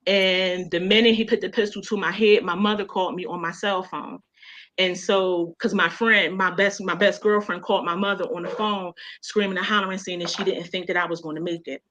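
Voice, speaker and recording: A woman's voice: on the low side, steady tone, fairly quick, a bit bright, slight background noise. A woman with a Baltimore accent telling a personal story as a guest on a radio show, emotional and conversational, full of "you know". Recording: dull lo-fi sound.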